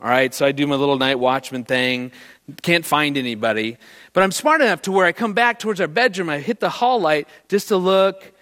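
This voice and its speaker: A man's voice: fairly high pitch, brisk. A middle-aged man giving a presentation on marriage, telling stories with energy and asking the audience questions. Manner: animated storyteller who quizzes the audience. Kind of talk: live talk to an audience.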